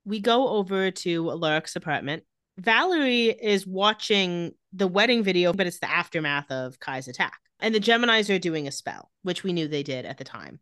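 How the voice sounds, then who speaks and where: A woman's voice: fairly low pitch, expressive, moderate pace, fairly bright tone, no echo, clean studio sound. A woman co-hosting a podcast, casually recounting TV scenes with wry asides. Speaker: podcast co-host. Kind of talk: casual TV episode recap.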